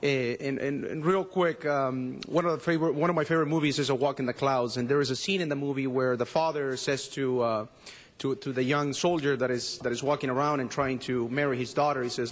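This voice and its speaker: A man's voice: mid-range voice, fairly even intonation, brisk. Earnest man speaking in an echoing chamber. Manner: earnest, repeats words as he goes. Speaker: television news anchor accepting recognition. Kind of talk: acceptance speech. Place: city council chamber.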